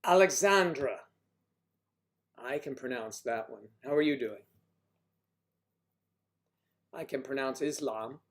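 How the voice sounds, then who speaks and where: A man with a middle-pitched voice hosts a relaxed livestream chat. He jokes and riffs on viewers' names and hometowns. He jumps from loud bursts to muttered asides. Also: measured pace. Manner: playful, jokey, riffing on viewers' names and places. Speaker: livestream host. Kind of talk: casual chat reading viewer comments.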